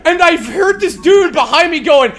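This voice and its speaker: A man in his forties, a live streamer, telling a story in a casual, animated and profane way with frequent laughs. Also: very high voice, normal speed.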